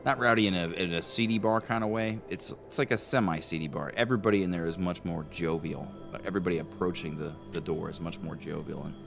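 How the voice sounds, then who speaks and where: Man game master, very deep voice, gravelly, rambling narration with fillers. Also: quick pace, few pauses, soft background music. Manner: relaxed, rambling, with many fillers.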